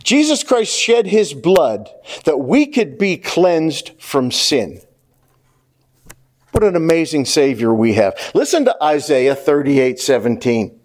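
A man's voice: fairly high pitch, sing-song, takes it slowly, darkish tone. A pastor preaching a sermon to his congregation, speaking earnestly and directly to the church and repeating key phrases for emphasis.

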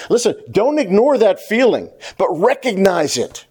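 High-voiced earnest preacher man. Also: sing-song, moderate pace, few pauses, darkish tone, breathy edge. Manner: earnest preaching, repeats key phrases for emphasis; addresses the congregation directly. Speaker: pastor. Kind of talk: sermon.

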